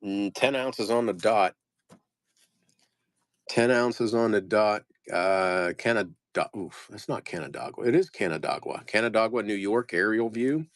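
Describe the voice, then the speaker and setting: A man's voice: fairly low pitch, unhurried, no room sound, studio quality. A man selling postcards on a live stream, rambling casually and joking at his own expense as he reads off each card. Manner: rambling, self-deprecating, reading off card names. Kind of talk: casual live-sale narration.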